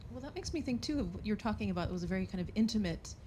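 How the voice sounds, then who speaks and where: A woman's voice: mid-range voice, expressive, racing, darkish tone. A woman moderating a discussion panel, asking probing, thoughtful follow-up questions. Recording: clear background noise.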